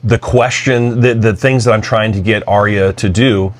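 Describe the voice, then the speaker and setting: A man co-hosting a podcast, speaking in a thoughtful, slightly halting and agreeable way. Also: lowish voice, fairly even intonation. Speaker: podcast co-host. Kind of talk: casual conversational podcast.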